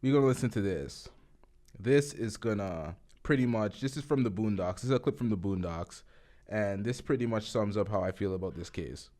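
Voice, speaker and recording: A man's voice: fairly low pitch, normal speed, dark tone. A man hosting a podcast, giving blunt, profane, offhand reaction commentary. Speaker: podcast host.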